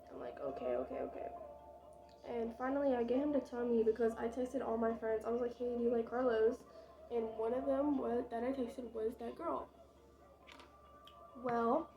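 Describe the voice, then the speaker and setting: A woman's voice: fairly high pitch, vocal fry, mellow, lo-fi sound. A young woman vlogger telling a casual storytime, chatty and dramatic, with lots of fillers and swearing.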